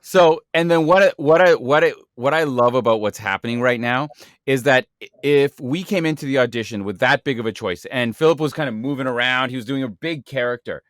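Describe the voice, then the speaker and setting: A man's voice: medium pitch, fairly quick, fairly bright tone, dry recording. Brief: male host, encouraging acting coach tone, dry close mic. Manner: earnest, encouraging, lesson-wrapping. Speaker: podcast host. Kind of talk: acting-coach podcast talk.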